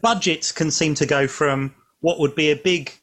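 A man's voice: on the high side, moderate pace, a bit bright. A man interviewing a director, asking long, searching questions with hesitant restarts.

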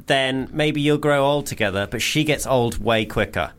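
A man's voice: mid-range voice, normal speed, a bit bright, clear, resonant tone. A man from England in his thirties, a comedian co-hosting a casual chat, telling stories wryly. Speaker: comedian and podcast co-host.

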